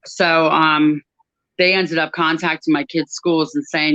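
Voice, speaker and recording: Halting woman recounting, dull dry recording. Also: deep voice, level tone, fairly bright tone, dry recording. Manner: halting, many pauses and restarts. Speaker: airline crew desk worker. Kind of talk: personal testimony.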